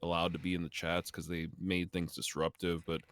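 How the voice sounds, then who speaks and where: A man's voice: low-pitched, completely flat delivery, brisk, dry recording. A man speaking as a guest on a video call interview, wry and self-deprecating, often laughing at himself. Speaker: guest streamer. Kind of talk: casual interview chat.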